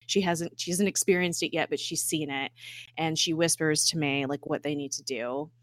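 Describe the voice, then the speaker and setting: A woman recapping a TV episode in casual chat, animated, acting out characters' lines, laughing and swearing as she goes. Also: deep voice, moderate pace, dry recording. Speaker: podcast co-host recapping a TV episode.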